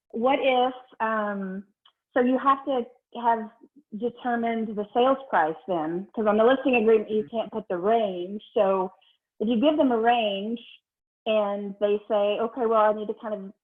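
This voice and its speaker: A woman on a video call asking a webinar host a hesitant question. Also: on the high side. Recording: thin phone-like call audio.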